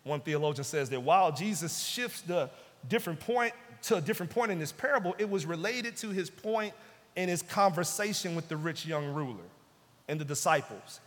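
A man pastor preaching a sermon with emphasis, repeating key phrases and dropping to hushed tones. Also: on the high side, expressive, normal speed. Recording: long hall reverb.

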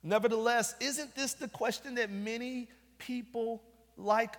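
High-voiced preacher in an echoing hall. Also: male voice, steady tone, measured pace. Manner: emphatic, rhetorical repetition. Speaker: pastor. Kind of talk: sermon. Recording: long reverb of a large hall.

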